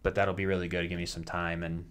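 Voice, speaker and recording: Man, 30s, casual podcast co-host, lowish voice, halting and rambling, lots of restarts. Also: completely flat delivery, fairly bright tone, smooth. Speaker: podcast co-host and soap actor. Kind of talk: casual chat.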